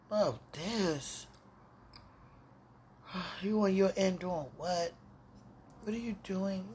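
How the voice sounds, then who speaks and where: A woman's voice: mid-range voice, extremely slow, long pauses, slight background noise. A woman podcaster talking in a casual, intimate monologue that rambles and often turns to prayer.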